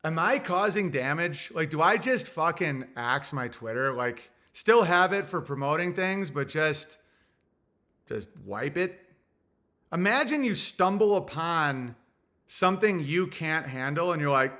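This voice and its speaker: A young man hosting a livestream, reading super chats in a crude, rambling, think-out-loud way. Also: on the high side, expressive, a little slow. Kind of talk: casual livestream rant.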